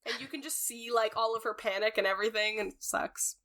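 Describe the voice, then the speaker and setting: Young woman podcast co-host, bright and animated, emphatic and slangy. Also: a little high, quick pace. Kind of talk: casual chat recapping a TV episode.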